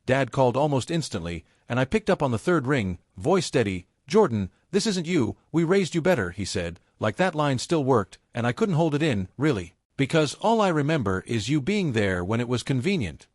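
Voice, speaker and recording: A man narrating a first-person family drama story in an even, steady storytelling read. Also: medium pitch, normal speed, hardly any pauses, dry recording, clean studio sound.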